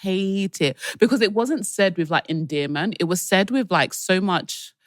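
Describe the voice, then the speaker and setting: A young woman with a London accent, hosting a casual podcast chat in an animated, chatty way. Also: mid-range voice, normal speed, dry recording, studio quality. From United Kingdom. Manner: chatty, animated, laughs often. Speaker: podcast host.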